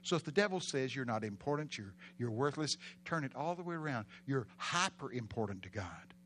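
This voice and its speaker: A man with a Texan accent, preaching a sermon in a folksy storytelling way, with bursts of loud emphasis. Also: medium pitch, expressive, brisk. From Texas.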